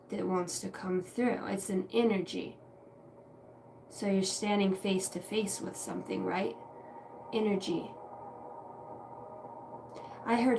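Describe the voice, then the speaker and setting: A woman giving a casual livestream tarot reading. She talks in a meandering, reflective way and swears casually now and then. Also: medium pitch. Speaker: tarot and intuitive reader. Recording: distant mic with faint background noise.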